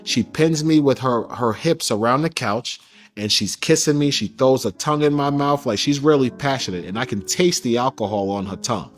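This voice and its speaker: A man giving an interview, recounting a personal story in a candid, casual way with slang, getting animated when he quotes others. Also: medium pitch, normal speed, faint music behind.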